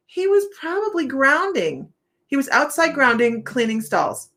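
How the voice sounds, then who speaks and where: A woman's voice: high-pitched, big pitch swings, a little slow, pushed and bright. Southern lady hosting a live stream, chatty, laughs a lot, reads out comments. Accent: Southern American. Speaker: psychic livestream host. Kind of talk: casual livestream chat.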